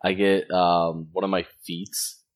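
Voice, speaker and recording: A man with a very low voice talks through his dice rolls and abilities at a tabletop game. He explains rules plainly and at length. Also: flat delivery, slow. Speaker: player. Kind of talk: casual tabletop game chat.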